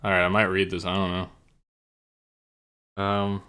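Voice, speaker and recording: A male streamer with a somewhat low voice and a bright, pushing edge. He talks in a loose, rambling way, full of swearing and self-conscious asides, then reads his own story aloud to his viewers. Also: completely flat delivery, measured pace, clean tone. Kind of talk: casual live-stream chat and reading aloud.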